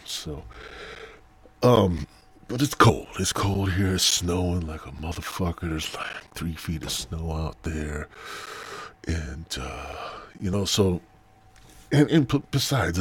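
A man from the United States hosting a podcast, talking in a rambling, profane monologue and losing his thread, with a husky voice. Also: deep voice, a little hiss or hum. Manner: rambling, profane, loses his train of thought. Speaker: podcast host.

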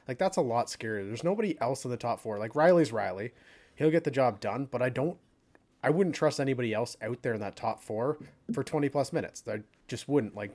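Male podcast co-host, mid-pitched, loose and rambling, filler-heavy sports chat. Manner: rambling, animated, many fillers.

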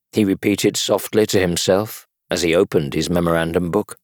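A volunteer reading a classic storybook aloud, very animated with big swings in pitch. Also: moderate pace, hardly any pauses, no echo, clean studio sound. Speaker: volunteer reader.

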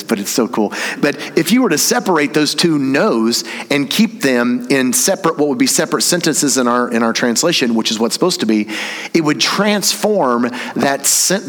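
Long reverb from the church sanctuary surrounds a pastor whose voice is medium-pitched and a bit bright. Preaching during a service, he breaks down the grammar of a verse in a conversational tone, with teasing remarks mixed in.

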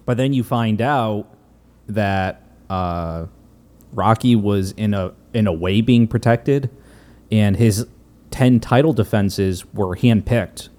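A man in a casual chat, recapping a film in a halting way with many fillers. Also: lowish voice, darkish tone.

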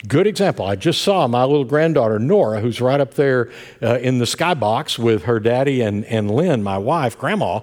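An older man with an Appalachian accent preaching a sermon, telling folksy family stories with warm asides. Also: medium pitch, lively intonation, normal speed. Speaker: pastor.

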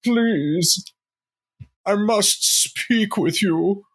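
A man's voice: high voice, drawn-out words, a bit bright, husky, pitched above the performer's own voice, full character voice. A man voicing a flamboyant male fae lord of love in a tabletop game, speaking in a courtly, theatrical way.

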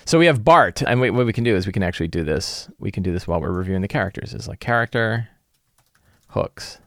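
A man's voice: lowish voice, lively intonation, fast, fairly bright tone, no echo, clean studio sound. A man who runs tabletop games, casually recapping a session and planning the next one, with lots of fillers and restarts. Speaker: game master. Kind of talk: casual game-prep vlog.

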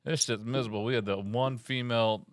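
A man's voice: medium pitch, steady tone, fast, no room sound, clean studio sound. A man recalling his boot camp days in casual chat, blunt and profane with wry asides. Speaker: guest, Coast Guard veteran.

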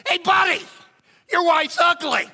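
A man voicing a rude male parrot in a pet store, squawking shrill taunts during a sermon story. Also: unhurried, creaky, bright, forceful tone, raised voice, big-room sound, heavily acted. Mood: taunting.

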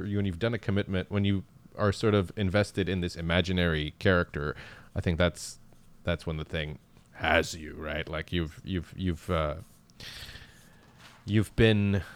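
A man hosting a casual interview podcast, joking and interrupting with quips. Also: deep voice. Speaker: podcast host.

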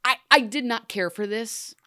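A woman's voice: a little high, moderate pace, pushed and bright, dry recording. Dry-sounding woman co-host. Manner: conversational, laughs between remarks. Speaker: podcast co-host. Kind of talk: casual chat.

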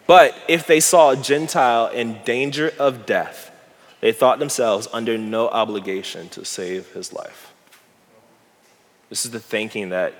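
A man preaching a casual, slangy sermon, animated and laughing often as he retells a Bible passage. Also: medium pitch. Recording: hall reverb.

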